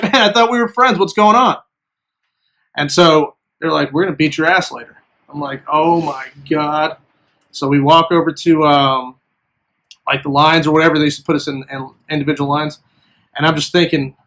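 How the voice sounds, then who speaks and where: A man's voice: high voice, a bit bright. A man vlogging in a casual monologue, telling a story and acting out what others said. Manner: storytelling, acts out quoted voices.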